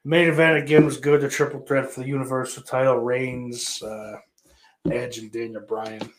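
A man hosts a casual live stream, reading viewer comments aloud and answering them in a crude, sarcastic, rambling style with lots of swearing. His voice is medium-pitched and level in tone, at a moderate pace.

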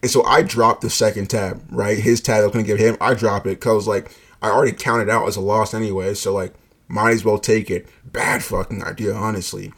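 A man's voice: fairly low pitch, flat delivery, brisk, a bit bright. Laid-back man telling a story. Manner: laid-back, profane, heavy use of "like", laughs often. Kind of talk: casual personal storytelling.

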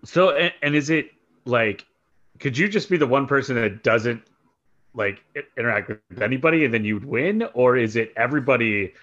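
A man's voice: medium pitch, lively intonation, normal speed, a bit bright, muffled recording. A man co-hosting a podcast in casual chat, making dry joking asides. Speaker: podcast co-host.

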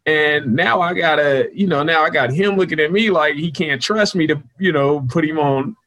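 A man being interviewed as a guest, telling casual stories and acting out the people he quotes in a higher, louder voice. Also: normal speed, rough recording. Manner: animated storyteller, jumps higher and louder when quoting people. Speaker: guest, sports PR consultant.

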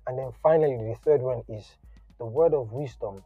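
A man giving a casual, conversational sermon, animated and slangy in his asides. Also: medium pitch, moderate pace, slightly rough, no echo. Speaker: preacher. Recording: dull lo-fi audio, faint music.

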